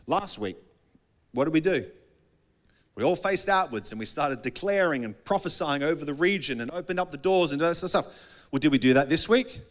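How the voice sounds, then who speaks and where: A man's voice: a little high, animated, a little fast. Conversational man preaching a sermon. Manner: conversational preaching, often acting out little dialogues. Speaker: pastor.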